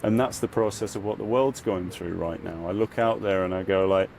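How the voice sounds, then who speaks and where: A man, a podcast guest and spiritual guide, talking earnestly and reflectively in a casual interview, leaning on "you know" and getting louder when he recounts his ordeal. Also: deep voice, a little fast, creaky, slight background noise.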